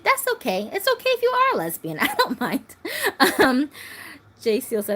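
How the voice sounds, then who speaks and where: A woman's voice: sits high, big pitch swings, moderate pace, a bit bright. A woman in her thirties hosting a doll channel, chatting casually on a phone livestream, laughing often and reading viewer comments aloud. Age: 30s.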